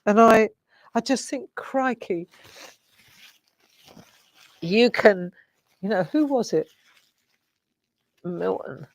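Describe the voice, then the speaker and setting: A woman's voice: mid-range voice, animated, extremely slow, creaky, pauses often. A middle-aged woman, hosting a live craft show and musing in a rambling, reflective way while tearful. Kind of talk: casual live-stream chat.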